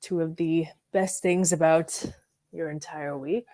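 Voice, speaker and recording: A woman's voice: sits low, fairly even intonation, measured pace, mellow. A woman hosting a casual fragrance livestream, chatting loosely and answering viewers' comments with frequent "like" and "um". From Florida. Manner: chatty, reads and answers live chat, frequent likes and ums.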